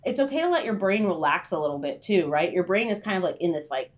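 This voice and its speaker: A young adult woman, a freelance writer, hosts a casual livestream, chatty and rambling with lots of filler words. Her lowish voice is expressive and quick.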